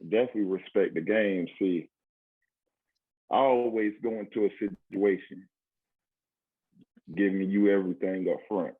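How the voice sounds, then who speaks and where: A man with a low, husky voice in casual conversation, agreeable and quick with short affirmations. The sound is thin and tinny, like a phone line, and dry. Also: fairly even intonation. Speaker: podcast co-host. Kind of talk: casual chat.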